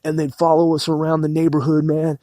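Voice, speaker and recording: Slightly high-voiced man rambling profanely. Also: monotone, dark tone, dry recording. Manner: rambling and profane, fills every pause with "man". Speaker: podcast host. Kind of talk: casual solo monologue.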